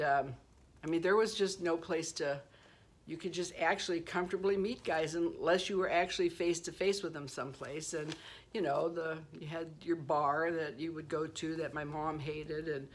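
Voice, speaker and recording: A woman in her sixties chatting casually on her vlog, self-deprecating and quick to laugh at herself, telling stories with playful asides. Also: low-pitched, fairly even intonation, slight background noise. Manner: warm storytelling with playful asides. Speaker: beauty vlogger. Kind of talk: casual personal vlog chat.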